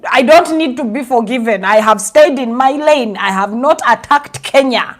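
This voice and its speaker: A young Ugandan woman with a Ugandan accent giving sarcastic, animated commentary, switching languages mid-sentence. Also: a little high, moderate pace. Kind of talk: casual commentary monologue.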